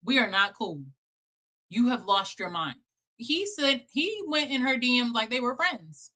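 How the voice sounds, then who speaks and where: Bright-voiced woman giving blunt reaction commentary. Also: a little high, measured pace. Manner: blunt, animated,喜 swearing. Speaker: host reacting to clips.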